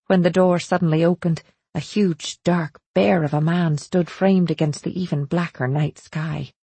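Woman narrating with a husky, dark voice. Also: fairly low pitch, steady tone, normal speed, no room sound. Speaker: audiobook narrator. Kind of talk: first-person storybook narration.

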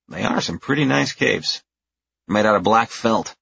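A man's voice: lowish voice, expressive, a little slow, gravelly, a bit bright, slightly rough, no room sound. A man narrating a first-person audiobook with a wry, exasperated manner. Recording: dull, dry lo-fi recording.

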